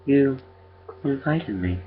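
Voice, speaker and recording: A man voicing an eerie creature that mimics a small boy's voice, asking questions slowly, one word at a time. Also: medium pitch, lively intonation, slightly rough, voice pushed up. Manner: slow, halting, word-by-word questions. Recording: lo-fi dull recording.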